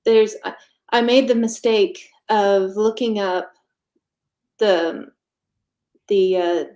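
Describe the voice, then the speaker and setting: Slow, halting woman telling her story. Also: medium pitch, a little mellow. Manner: halting, with frequent pauses and fillers; candid, matter-of-fact. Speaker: interview guest sharing her story. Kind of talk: casual conversational storytelling.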